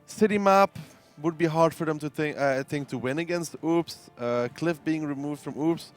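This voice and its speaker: A man's voice: on the high side, moderate pace, soft background music. A man giving esports analysis as co-caster, thinking aloud with frequent fillers. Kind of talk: esports commentary.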